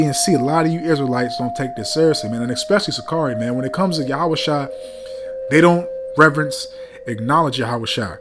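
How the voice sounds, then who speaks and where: A man's voice: mid-range voice, fast, music in the background. A man preaching a heated rebuke sermon, reading scripture between blunt, profane remarks, often stumbling over fillers and repeating "man".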